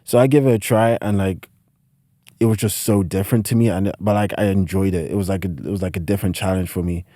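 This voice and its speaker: Low-voiced young British man, rambling. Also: fairly even intonation, fast talker, warm tone, no echo, studio quality. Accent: British, partly Americanized. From United Kingdom. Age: late teens. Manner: rambling, heavy use of "like" fillers. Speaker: podcast guest, student athlete. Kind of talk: casual interview storytelling.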